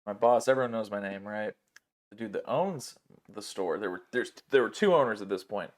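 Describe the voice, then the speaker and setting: A fairly low-pitched man talks fairly quickly as he hosts a casual podcast, telling stories peppered with curses and animatedly mimicking the people he quotes.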